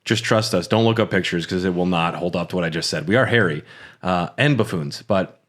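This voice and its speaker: Low voice guy winging a podcast outro, laughs a lot. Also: a little fast, fairly bright tone. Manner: laughing, wings the outro reads. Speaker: podcast host. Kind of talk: casual chat and show outro.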